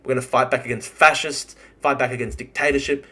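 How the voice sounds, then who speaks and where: A man's voice: mid-range voice, fairly even intonation, fast talker, pushed and bright. A young man hosting a live stream, ranting angrily and swearing, repeating phrases for emphasis. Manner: heated, profane, repeats himself for emphasis. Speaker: livestream host. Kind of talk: angry political livestream rant.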